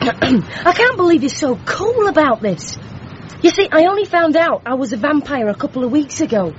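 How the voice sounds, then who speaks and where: A woman's voice: sits high, big pitch swings, normal speed, slight background noise. A woman playing a sulky, self-pitying young woman who is secretly a vampire, on a dull lo-fi recording. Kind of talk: radio comedy acting.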